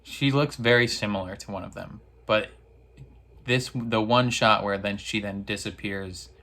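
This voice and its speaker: A man's voice: on the low side, fairly even intonation, unhurried, bright, forceful tone. A man hosting a reaction video, recapping an episode in casual slang with frequent laughs. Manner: slangy, laughs a lot, acts out characters in silly voices; rambling with fillers and restarts.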